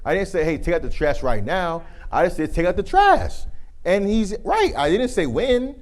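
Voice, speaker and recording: Man presenting a lively leadership talk. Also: high voice, normal speed. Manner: animated storytelling, acting out quoted voices. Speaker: workshop presenter; youth football coach. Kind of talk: live leadership talk to a group.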